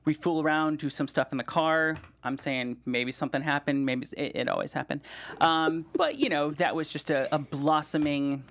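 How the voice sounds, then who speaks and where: A man's voice: fairly high pitch, fairly even intonation, moderate pace, a bit bright. A man in his thirties tells a comic story as a guest. He rambles, pads his sentences with fillers and pokes fun at himself throughout. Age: 30s. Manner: rambling and self-deprecating, with many fillers. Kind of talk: comedic storytelling.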